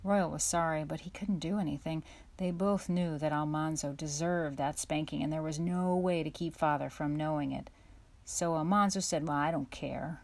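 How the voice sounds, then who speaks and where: A woman narrating a children's storybook chapter aloud in a steady, measured way. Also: low-pitched, dry recording. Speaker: audiobook narrator. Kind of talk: storybook reading.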